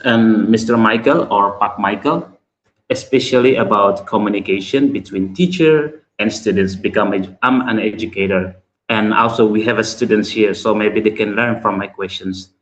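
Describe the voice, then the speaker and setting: A man's voice: on the low side, normal speed, dull audio. A man with a flu, a university English teacher asking a courteous question on a webinar call, with many fillers. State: stuffy with a flu. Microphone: video call. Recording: echoey room over a video call.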